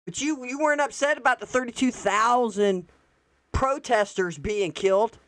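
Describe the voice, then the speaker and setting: A woman's voice: fairly high pitch, moderate pace, a bit bright, no echo. A woman hosting casual political commentary, blunt and exclamatory with folksy asides. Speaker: host.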